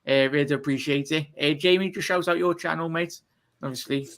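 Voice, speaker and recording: A man hosting a fan live stream, talking fast and giving chatty shout-outs. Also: fairly high pitch, steady tone. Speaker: fan channel host. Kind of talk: live stream sign-off chat.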